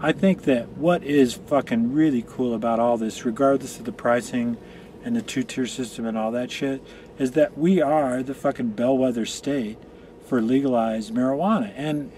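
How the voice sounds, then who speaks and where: A mellow, medium-pitched male voice at an ordinary pace, with a little hiss or hum on the recording. He's a Colorado guest on a casual chat show, telling drawn-out, profane, meandering stories in a room where marijuana is being smoked.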